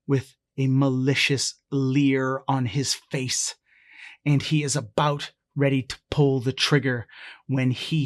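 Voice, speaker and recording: A man narrating a solo tabletop role-playing game in a measured storytelling manner, thinking aloud about the rules. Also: medium pitch, no room sound, clean studio sound. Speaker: solo game master and player.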